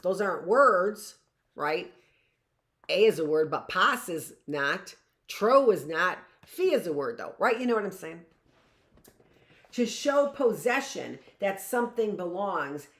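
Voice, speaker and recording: A middle-aged woman teacher giving a live reading lesson to young children, slow and emphatic, repeating key phrases and checking in with "right?". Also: on the low side, echoey room.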